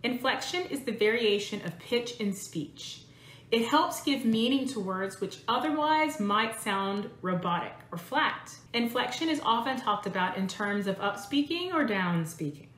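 A woman voice coach giving a clear, measured instructional lesson. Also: fairly high pitch, animated, a bit bright, a little hiss or hum. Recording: roomy echo.

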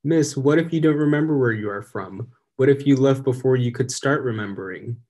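A young man reading the part of a shy schoolgirl, a little brighter and louder than his narration. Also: medium pitch, fairly quick, close to an everyday voice. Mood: worried.

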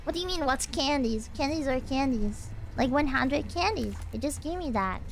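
A young woman streaming a game, chatting casually, excitable and giggly, often bursting into squeals. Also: high-pitched, normal speed, creaky, soft background music. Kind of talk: casual gameplay chat.

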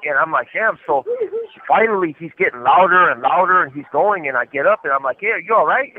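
A man's voice: fairly high pitch, expressive, a little fast. Rambling man on a tinny phone line. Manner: rambling, full of fillers and laughs. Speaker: caller from prison. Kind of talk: casual storytelling on a call. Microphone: prison phone handset.

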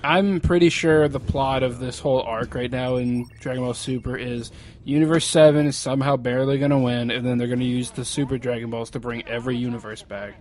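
A man's voice: mid-range voice, fairly even intonation, fairly quick, a little mellow, slight background noise. A young man casually commentating a video game with a friend, joking and swearing as he acts out silly voices. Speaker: let's play commentator.

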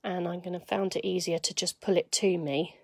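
A woman's voice: on the low side, little pitch movement, brisk, creaky, breathy edge, dry recording, clean studio sound. A woman giving a live craft demonstration, chatting to viewers and thinking aloud as she works.

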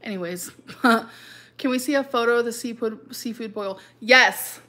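Woman, live stream host, casual chat, rambling with fillers, fairly high, bright tone. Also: a little slow. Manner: chatty, rambling, many fillers and laughs.

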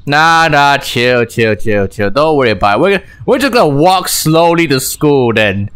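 A man's voice: a little high, very animated, moderate pace, fairly bright tone, clean tone. A man giving chatty, self-mocking let's-play commentary as a gaming YouTuber, thinking aloud.

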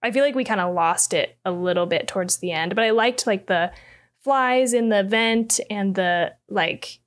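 A woman's voice: mid-range voice, normal speed. A woman co-hosting a podcast, chatty and reflective, who laughs easily. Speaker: podcast co-host. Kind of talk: casual chat.

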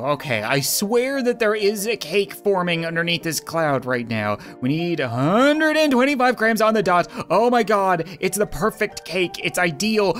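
A woman giving comedic let's-play commentary, swinging between panicked squeals and dry sarcastic calm. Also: fairly low pitch, normal speed, hardly any pauses, faint music behind. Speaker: gaming video host.

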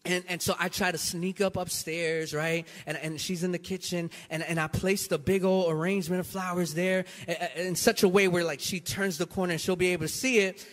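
A man's voice: high voice, steady tone, fairly quick, few pauses, big-room sound. A pastor from New York City telling a funny story in his sermon, acting out both sides of it.

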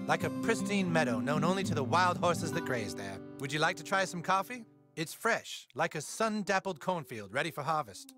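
An actor playing a cartoon coffee shop owner who is a father and makes a dreamy, poetic sales pitch. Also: big pitch swings, normal speed, hardly any pauses, sharp tone, faint music behind.

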